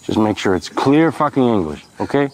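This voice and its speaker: A bullying man who fires off loud, taunting questions in a film scene. The pitch swings widely, and the tone stays menacing and aggressive. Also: very animated, fairly quick, a little hiss or hum. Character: menacing male bully interrogating a stranger.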